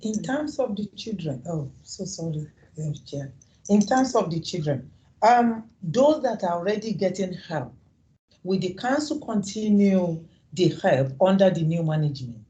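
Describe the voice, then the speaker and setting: A woman's voice: fairly low pitch, animated, measured pace, warm tone, low-quality recording. A woman councillor asking earnest, probing questions at a committee meeting and restating them to make her point.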